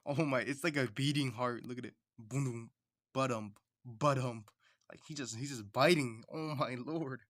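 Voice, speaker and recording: A man chats casually on a livestream while he draws. He rambles and talks to himself. His voice sits at an ordinary middle pitch. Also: fairly quick, hardly any pauses, fairly bright tone, no echo, clean studio sound. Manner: rambling, chatty self-talk. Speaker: streamer.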